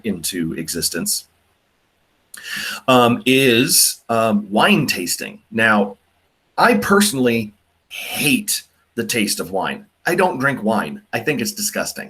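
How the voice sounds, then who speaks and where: Animated male teacher, lively pitch. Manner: animated, mocking, lots of fillers. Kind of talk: classroom lecture.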